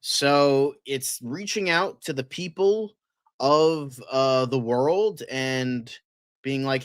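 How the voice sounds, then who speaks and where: A man hosting a casual fan news livestream, excitable and rambling, with lots of fillers and frequent swearing. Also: medium pitch, slow, clean tone, no room sound, clean studio sound.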